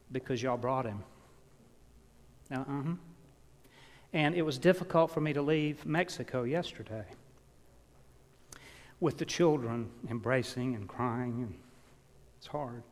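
A man delivering a sermon, telling stories and swinging from loud emphasis down to hushed words. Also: medium pitch. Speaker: pastor. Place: church. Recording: long reverb of a church hall.

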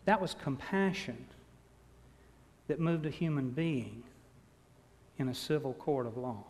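A man's voice: mid-range voice, animated, unhurried, darkish tone. A man, preaching a sermon in a church and telling a personal story with self-deprecating humor. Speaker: pastor. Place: church sanctuary. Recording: long reverb of a large hall.

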